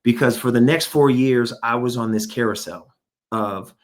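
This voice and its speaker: A man's voice: mid-range voice, moderate pace. A middle-aged man, a former pro football player, telling his story in an interview with an emphatic, motivational manner. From United States. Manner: emphatic, motivational, quotes himself and others. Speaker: guest, former NFL player and speaker.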